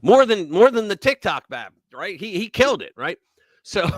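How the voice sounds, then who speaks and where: A man hosts a live news talk stream in a loose, mocking manner, now loud, now muttering. His pitch sits a little high and swings a lot. The sound is dry and close. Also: very animated, normal speed, no echo. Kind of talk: casual opinion talk.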